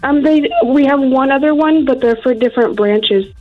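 A woman's voice: high voice, normal speed, soft background music. A woman in her twenties calling in to a radio show, giving short polite answers. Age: 20s. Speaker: caller. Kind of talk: phone-in call. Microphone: phone line. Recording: dull phone-line audio.

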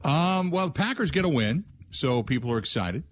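A man hosts a sports radio show from the studio, chatting casually and rambling between segments with lots of filler and restarts, and he throws in call-in prompts. His voice sits fairly high and swings widely in pitch. He speaks at a moderate pace with no echo.

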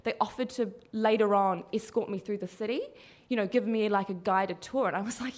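A woman's voice: mid-range voice, normal speed. Laughing woman telling a comic story. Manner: animated, laughs through her words; self-deprecating. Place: stage at a live storytelling event.

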